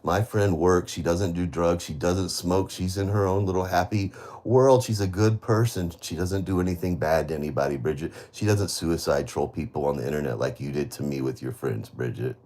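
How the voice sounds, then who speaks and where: Lowish-voiced guy ranting on a livestream, bitter, cussing a lot, keeps repeating himself and restarting. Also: fairly even intonation, normal speed, a little mellow. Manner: swears heavily; rambling with restarts. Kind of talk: live stream rant to viewers.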